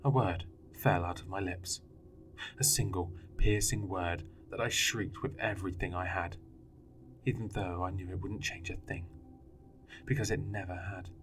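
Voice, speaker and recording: A man's voice: low-pitched, steady tone, moderate pace, slight background noise. A man narrating a horror story in a grave, dramatic manner.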